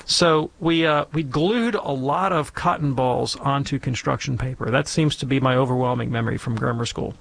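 A man, an interview guest, telling a childhood anecdote in a relaxed, wry, self-deprecating way. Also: mid-range voice, moderate pace, vocal fry, hardly any pauses, a little hiss or hum. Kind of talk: anecdotal storytelling.

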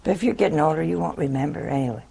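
A woman's voice: deep voice, animated, very fast, creaky, warm tone, breathy edge. An older woman, a nun, telling a humorous folksy story to an audience. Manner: humorous, folksy anecdote with laughs. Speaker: nun giving a talk.

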